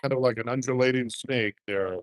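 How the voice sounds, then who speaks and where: A man's voice: medium pitch, a little fast, no room sound. A man hosting a casual livestream, chatting in a folksy, drawling way from a handheld camera rig. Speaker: livestream host. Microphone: handheld gimbal camera.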